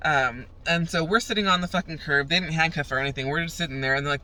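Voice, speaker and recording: A woman's voice: low-pitched, quick pace, sharp tone. A young woman vlogging in a profane, fired-up rant as she tells a story. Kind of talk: ranting casual vlog.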